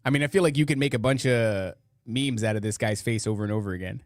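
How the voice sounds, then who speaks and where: Sarcastic podcast host, dry close sound. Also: male voice, on the low side, fast, no echo. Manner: sarcastic, mocking, rambling asides. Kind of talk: casual commentary over clips.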